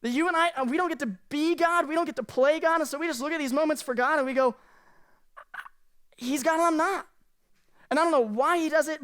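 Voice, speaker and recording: A woman pastor giving a sermon from a church stage, earnest and conversational, speaking candidly to the congregation. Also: on the high side.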